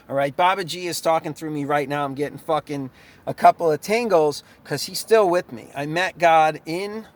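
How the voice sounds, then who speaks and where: A young man, a chiropractor, in a profane and sarcastic vlog rant, laughing between his lines. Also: on the high side. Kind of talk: ranting vlog monologue.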